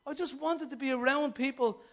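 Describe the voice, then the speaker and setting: A man's voice: very high-pitched, a little fast, fairly bright tone. A man preaching a fervent sermon. He fires rhetorical questions at the congregation and acts out quoted voices. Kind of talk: impassioned sermon.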